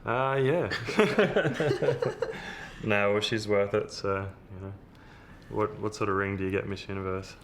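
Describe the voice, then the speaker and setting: A builder, laid-back and easygoing, telling a story in an interview. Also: male voice, lowish voice, a little slow, slight background noise. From Australia. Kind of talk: casual interview anecdote.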